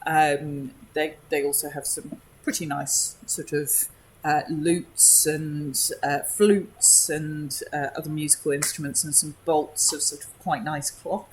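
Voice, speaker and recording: Slow, hesitant woman narrating as game master. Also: low voice, fairly even intonation, a little hiss or hum. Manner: hesitant, many ums and restarts, descriptive.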